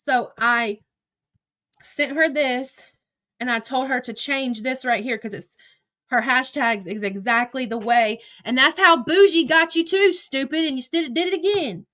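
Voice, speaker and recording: Woman ranting on her livestream, cussing a lot, calling out haters, sharp bright voice. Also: high-pitched, a little slow. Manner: profane, combative, confrontational; talks to chat and absent critics directly. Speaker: livestream host. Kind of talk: heated livestream rant.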